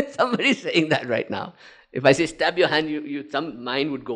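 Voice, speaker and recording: A man, a spiritual teacher, giving a lively talk and taking questions, laughing and acting out inner voices as he explains. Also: fairly high pitch, moderate pace.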